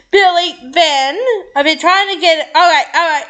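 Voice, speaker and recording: A woman's voice: extremely high pitch, moderate pace, sharp tone. Gushing, teary woman. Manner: gushing and tearful, laughing often. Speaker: fan reading and reacting to a script. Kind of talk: excited reaction vlog, reading a script aloud.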